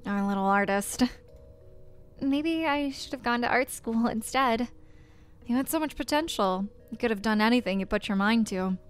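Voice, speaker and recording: A woman's voice: on the high side, moderate pace, clean tone, faint music behind, lightly acted. A woman reading the lines of a worried, nagging middle-aged mother in a visual novel, in her own plain voice. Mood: disapproving. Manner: plain reading, no accent attempted.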